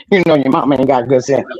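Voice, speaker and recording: A woman's voice: extremely low pitch, a little mellow, breathy edge, lo-fi sound. An older woman calling in to a livestream over a video call, playful and motherly. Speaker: viewer calling in. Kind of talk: casual chat.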